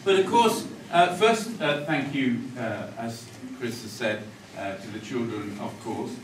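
On a school stage after a play, a man with a mid-range voice and measured pace thanks the audience in a joking speech, chatty, self-mocking and often laughing. The recording is from an echoey hall with the mic far away and a lot of crowd noise.

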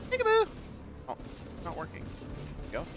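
A man giving live commentary on his gameplay in a high, bright voice that leaps wildly up and down. He swears freely and playfully taunts his foes as he plays. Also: a little slow, a little hiss or hum. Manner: profane, excitable, playful taunting of enemies. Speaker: streamer.

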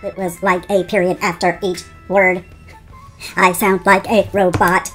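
A woman's voice: on the low side, flat delivery, unhurried, fairly bright tone, husky, soft background music. A middle-aged woman beauty vlogger clowning around in outtakes, giggly and self-mocking. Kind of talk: goofy outtakes chat.

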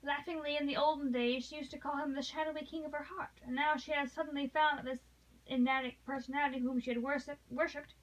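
A woman narrating a classic novel in a steady read-along, with small slips she corrects as she goes. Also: sits high, fast, rough recording. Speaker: audiobook reader.

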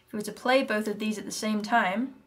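A British woman teaching handpan rhythms, chatty and explanatory, who counts the beats out loud. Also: medium pitch, fairly even intonation, fairly quick, heavy background noise. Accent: British English. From Britain. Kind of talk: music lesson. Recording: music playing in background. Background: handpan music.

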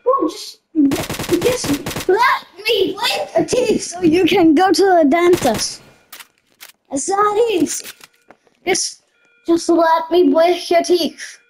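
A young woman playing a video game with excitable live commentary, giggling and shouting out reactions. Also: extremely high pitch, takes it slowly. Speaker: gamer. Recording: noisy game sounds with gunfire behind.

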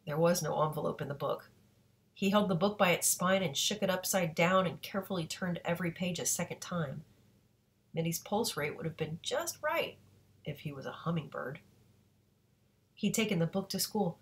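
Low-voiced woman reading a novel aloud. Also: normal speed. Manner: steady reading with occasional self-corrections. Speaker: audiobook reader.

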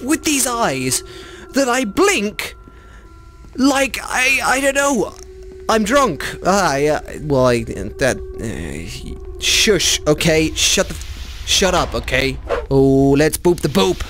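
Lively male gamer with a high, bouncy voice, swearing and panicking through a horror game, with faint music underneath. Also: takes it slowly. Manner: chatty, swearing, panicky shrieks; talks to monsters in a mock bro voice. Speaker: gaming YouTuber. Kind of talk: comedic VR horror let's play.

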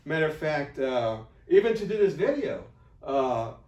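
A man's voice: a little high, big pitch swings, moderate pace, darkish tone. A man talking to camera in an unscripted promotional vlog. He rambles, restarts often and shifts into a blunt pep-talk tone. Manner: rambling, full of fillers and restarts. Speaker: affiliate marketer. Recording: roomy, distant mic.

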